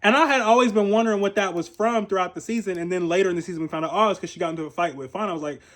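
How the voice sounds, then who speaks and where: A young man from Ohio giving a casual, profane commentary on a reality show. He is chatty, laughs often and makes animated asides. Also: sits high, racing. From Columbus, Ohio, USA. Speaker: reality TV reviewer.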